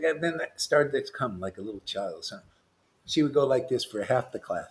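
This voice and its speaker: A man leading an online devotional class, talking in an animated, impassioned way that swings between loud urging and soft asides. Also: medium pitch, moderate pace. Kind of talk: impassioned casual teaching.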